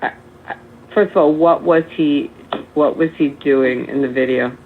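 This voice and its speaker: A man's voice: a little high, steady tone, moderate pace. A man in a political debate who keeps pressing the other side with challenging questions. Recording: tinny phone line with faint noise.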